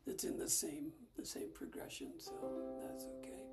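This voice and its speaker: A woman leading a casual ukulele lesson, explaining chords in a soft, half-whispered way. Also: moderate pace, loud music behind the voice. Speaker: ukulele teacher. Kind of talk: casual music lesson with singing.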